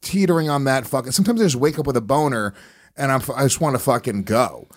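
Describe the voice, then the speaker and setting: A man's voice: mid-range voice, fast talker, no room sound, studio quality. A man hosting a podcast, telling crude rambling stories in casual chat, swearing often. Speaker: podcast host.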